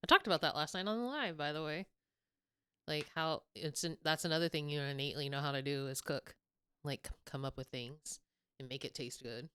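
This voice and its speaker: A young woman co-hosting a podcast in casual chat, animated and laughing often. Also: low-pitched, brisk, smooth, no room sound. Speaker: podcast co-host.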